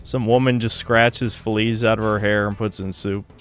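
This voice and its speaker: A man's voice: on the low side, steady tone, moderate pace, a bit bright, clear, resonant tone, soft background music. A man making dry, wry quips in casual podcast banter. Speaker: podcast co-host.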